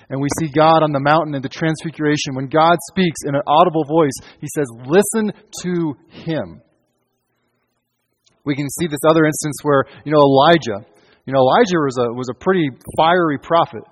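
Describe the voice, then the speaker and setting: This pastor has a fairly high-pitched voice, with a slight hiss or hum and long hall reverb on the recording. He preaches earnestly, retelling scripture, quoting lines and frequently restarting his phrases.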